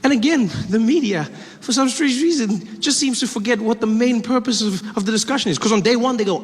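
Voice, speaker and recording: Comedian guy doing a live stand-up set, higher voice, big echoey room. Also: a little fast, hardly any pauses. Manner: animated, laughing, shifts into voices. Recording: echoey live venue, faint noise.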